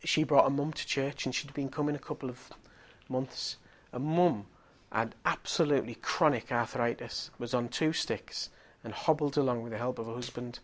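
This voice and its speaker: A middle-aged man preaching, telling a healing story with animated swings from hushed tones to loud exclaiming. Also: medium pitch, moderate pace, hardly any pauses. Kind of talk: storytelling sermon.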